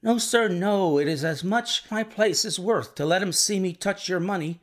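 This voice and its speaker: A man's voice: high-pitched, moderate pace, voice pushed up, lightly acted. A man voicing an eager, deferential male stable groom in a read-aloud story, raised and obliging. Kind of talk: storybook reading.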